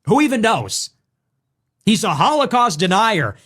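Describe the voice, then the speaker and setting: A man's voice: high voice, sing-song, unhurried, fairly bright tone, breathy edge. A man in his twenties from the United States giving a dismissive, provocative streamed monologue.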